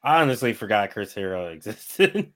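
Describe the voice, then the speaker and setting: Bright-voiced man, casually swearing. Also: on the low side, sing-song, moderate pace. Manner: swears casually, laughs mid-sentence. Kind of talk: casual group chat.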